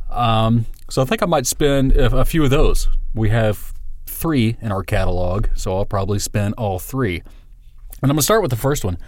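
A man's voice: lowish voice, no room sound, clean studio sound. Rambling, profane male podcast host. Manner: rambling, profane, self-deprecating. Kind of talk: casual solo podcast monologue.

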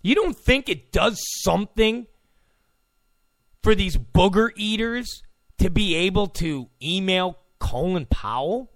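Brief: male podcast host ranting, high voice with a gravelly edge, slow deliberate pacing, profane and mocking. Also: animated, a bit bright, no echo. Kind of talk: ranting monologue.

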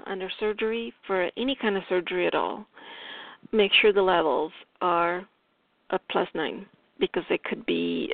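A woman's voice: medium pitch, vocal fry, dry recording. A woman with an Italian accent, reading technical health notes aloud in an informal explanatory talk with fillers and restarts. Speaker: caregiver and health blogger. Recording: dry tinny phone-like audio.

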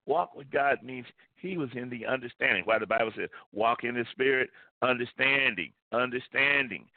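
A man's voice: medium pitch, normal speed, no echo. A male pastor preaching a sermon with emphasis, repeating key phrases. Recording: tinny phone-like line, dry.

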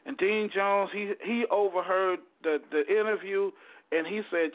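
A man telling a personal story as a guest, animated and stumbling over repeated words. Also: high voice, moderate pace. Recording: tinny phone-like line.

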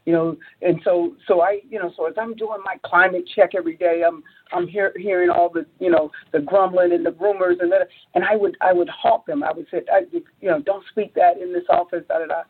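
A woman entrepreneur, interviewed as a guest, tells a story with animation, acting out quotes and rising high when excited, with many restarts. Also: fairly quick, slightly rough. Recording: phone-like narrow audio.

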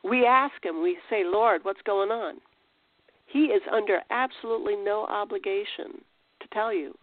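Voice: mid-range voice, moderate pace, no room sound. A Christian teacher giving an informal spiritual talk, conversational, with restarts and rhetorical questions. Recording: tinny phone-like dry sound.

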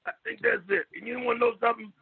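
Caller type: loud, rambling, cussing man with a very high, raspy, gravelly voice over a phone line. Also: big pitch swings, very fast. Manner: profane, repetitive, stammering, shouts at times. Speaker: call-in guest. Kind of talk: loud rambling radio talk.

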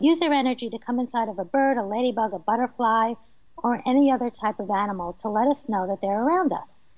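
A fairly high-voiced woman with a New Jersey accent tells her stories with animated energy and breaks into laughter along the way. The sound is dry and close, and the audio is dull and lo-fi. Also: no room sound. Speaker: medium, podcast guest. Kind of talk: casual storytelling interview.

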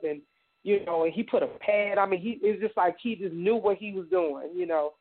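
A middle-aged woman from Indiana giving personal testimony in a radio interview, halting and repeating words as she acts out what others said. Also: on the low side, slightly rough. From Indiana, United States. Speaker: guest survivor telling her story. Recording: tinny phone-like radio sound.

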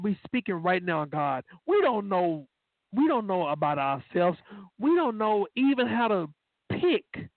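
A man's voice: sits high, dry recording. A man preaching a sermon, telling folksy stories with many fillers, then leading a prayer that keeps returning to the word God. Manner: repeats "God" as a refrain while praying. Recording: dry, tinny phone-line sound.

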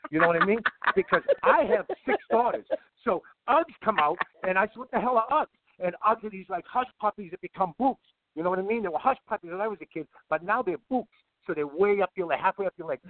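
A middle-aged man telling long rambling stories in a casual, animated way. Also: high-pitched, fast talker, no echo. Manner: rambling, animated, repeats himself. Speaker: guest. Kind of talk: casual storytelling. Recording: tinny dry call line.

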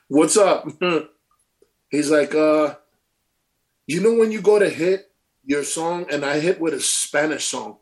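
A middle-aged former pro baseball player from Brooklyn, New York, tells stories casually as an interview guest, acting out quotes and swearing freely. His voice is on the high side, and he speaks slowly with long pauses.

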